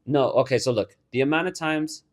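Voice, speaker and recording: A young man co-hosting a podcast at an everyday, middle pitch. He rambles loosely through a story, drops swear words freely, and breaks into laughter often. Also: fairly quick. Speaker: podcast co-host. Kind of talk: casual chat.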